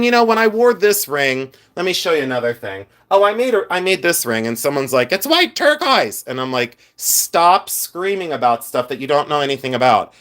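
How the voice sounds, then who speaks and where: Showing off jewelry to his viewers, a middle-aged livestream host chats in an animated, rambling way full of asides. His voice sits a little high.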